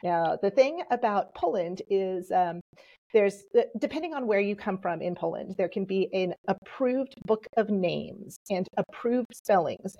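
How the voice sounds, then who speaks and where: Lively woman telling her story. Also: mid-range voice, muffled recording. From Texas. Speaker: podcast guest. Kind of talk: storytelling in conversation.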